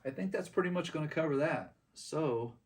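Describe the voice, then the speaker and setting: A man's voice: a little high, animated, normal speed, recorded from a distance. A middle-aged man telling a story casually on his channel, rambling with many ums and restarts. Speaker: channel host.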